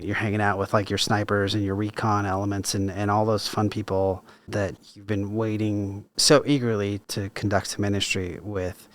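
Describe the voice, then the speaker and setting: A man, an army chaplain, hosting an interview in a reflective, encouraging way. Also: fairly low pitch. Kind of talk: conversational interview.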